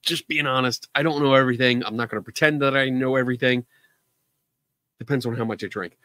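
A man's voice: mid-range voice, quick pace, sharp tone, dry recording. A man hosting a live call-in show, chatting casually in a joking, self-deprecating way. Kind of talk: casual livestream chat.

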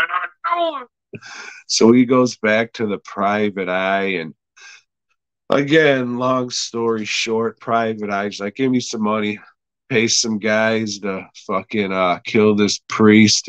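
A man's voice: fairly low pitch, fairly bright tone, no room sound, low-quality recording. A man hosting a podcast, recapping an episode in a profane, rambling way and laughing often. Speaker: podcast host reviewing an episode. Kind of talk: casual chat.

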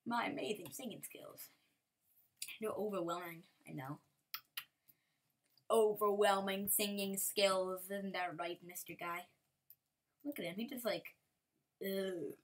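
A woman's voice: lowish voice, unhurried, long pauses. A woman giving casual game commentary, giggly and rambling, with playful sing-song bits. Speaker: gameplay commentator.

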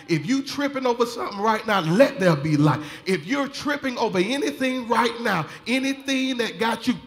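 A man preaching a sermon in a folksy style, laughing often and rising to shouted fervor. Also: sits high. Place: church sanctuary.

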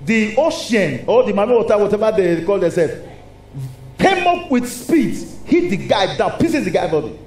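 A man with a Nigerian accent preaching a lively sermon in a church, asking the congregation rhetorical questions. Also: high voice, normal speed. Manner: animated, call-and-response preaching with rhetorical questions. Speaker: pastor. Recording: echoey hall with faint noise.

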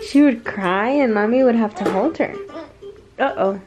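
A woman's voice: a little high, normal speed, a little mellow, faint music behind. A woman filming her children at home, talking to them in a sing-song baby voice and laughing often. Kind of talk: casual family vlog.

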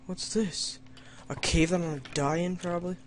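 A man's voice: high-pitched, steady tone, moderate pace, background noise. A young man doing let's play commentary, reading story lines in a mock-dramatic tone and joking wryly at himself. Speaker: gamer playing an adventure map.

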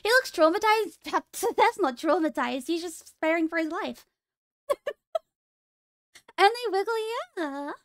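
A young woman streams and chats with her viewers in a playful, teasing tone, breaking into giggles often. Her voice sits very high. The sound is dry and close, with no room around it. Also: animated, slow pace, pauses often, dry recording. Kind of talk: casual stream chat.

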